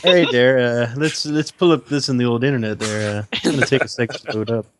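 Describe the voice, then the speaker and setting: A man's voice: medium pitch, a little fast, slight background noise, natural voice. A man voicing a folksy Canadian caller with a put-on Canadian accent, tacking "there" and "eh" onto his sentences. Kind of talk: comedy podcast, mock caller voice.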